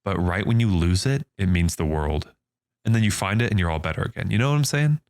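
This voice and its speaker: A man's voice: sits low, lively intonation, fast, a little mellow, no echo. A man co-hosting a casual movie review podcast, talking in a laid-back way with lots of "like" and "you know". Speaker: podcast co-host.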